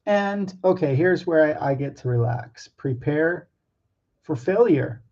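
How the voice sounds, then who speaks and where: Slow, hesitant artist talking to camera. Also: mid-range voice, expressive, gravelly, darkish tone, muffled recording. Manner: hesitant, many ums and restarts; nervous and self-mocking. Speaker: artist explaining drawing. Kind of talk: casual talk to camera.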